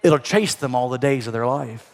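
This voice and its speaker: A middle-aged man preaching a sermon as a pastor, animated, swinging between loud emphasis and soft asides. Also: medium pitch, normal speed. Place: church auditorium. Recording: long hall reverb.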